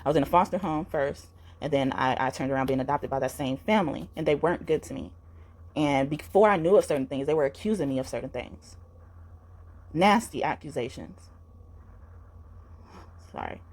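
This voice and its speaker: A woman's voice: low-pitched, brisk, darkish tone. A woman giving a spiritual tarot reading to camera, rambling and earnest, with many fillers and restarts. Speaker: tarot reader.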